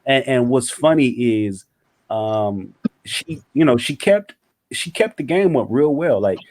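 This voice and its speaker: A man telling a story in casual chat, animated and profane, acting out other people's lines. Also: mid-range voice, a little slow. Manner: animated, profane, acts out quotes.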